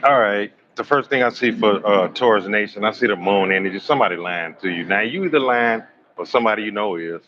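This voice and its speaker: A man hosting a live astrology stream, telling raunchy comic stories in an animated, slangy way and joking with his chat. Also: fairly low pitch, fast talker, muffled recording, a little hiss or hum. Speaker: astrology livestream host. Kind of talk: live tarot reading with raunchy comic storytelling.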